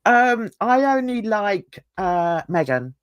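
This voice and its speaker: A woman's voice: mid-range voice, big pitch swings, takes it slowly, no echo. An older woman hosting a casual livestream chat, rambling and laughing often. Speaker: host.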